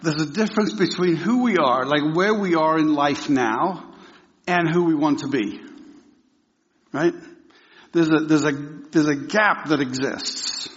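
Man, casual joking sermon, halting with throat clearing, long hall echo, dull lo-fi sound. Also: fairly high pitch. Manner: halting, many restarts and frequent throat clearing. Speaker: lay preacher on a church teaching team. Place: church hall.

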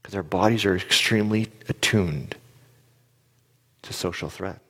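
Male speaker, very low voice, animated storyteller who quizzes the audience, long hall reverb. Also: measured pace, husky. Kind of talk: live motivational talk.

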